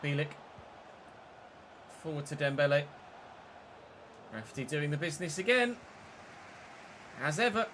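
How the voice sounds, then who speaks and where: A man's voice: on the high side, expressive, a little slow, pauses often, fairly bright tone, a little hiss or hum. A man giving live, mock match commentary while playing a football game, swearing when frustrated.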